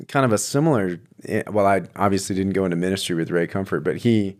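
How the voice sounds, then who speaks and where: Low-voiced man, casual podcast host. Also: fast talker, darkish tone. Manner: laughs often, chatty. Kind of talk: casual chat.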